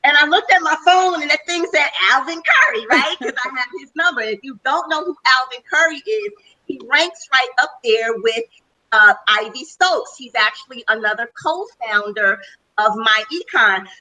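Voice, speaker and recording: Bright, high-voiced excited woman. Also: rough recording. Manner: enthusiastic, fast, chatty. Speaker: panel speaker. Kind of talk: testimonial on a webinar call.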